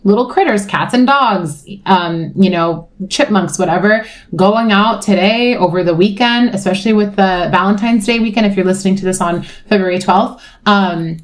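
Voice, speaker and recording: A woman's voice: medium pitch, normal speed. A young adult woman reading tarot in casual chat, rambling with many fillers, emotional and swearing freely. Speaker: tarot reader.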